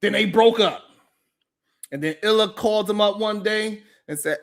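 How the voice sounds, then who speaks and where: A man hosting a live talk show, ranting in animated, profane commentary and repeating himself for emphasis. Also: high-pitched, normal speed, gravelly. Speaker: host.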